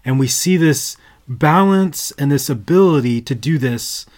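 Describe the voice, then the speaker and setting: A man's voice: a little high, animated, a little slow, darkish tone. A man co-hosting a Bible podcast, explaining verses in an earnest, conversational way that builds to emphatic bursts. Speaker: podcast co-host. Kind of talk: casual Bible study talk.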